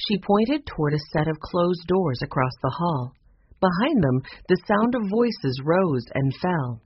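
A narrator reading a children's chapter book aloud in an expressive storybook style. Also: mid-range voice, unhurried. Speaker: audiobook narrator. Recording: dull lo-fi recording with faint noise.

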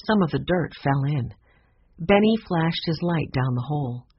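A woman narrating a children's chapter book in a measured storytelling way. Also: sits low, animated, husky, no echo. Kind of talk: audiobook narration. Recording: dull lo-fi sound.

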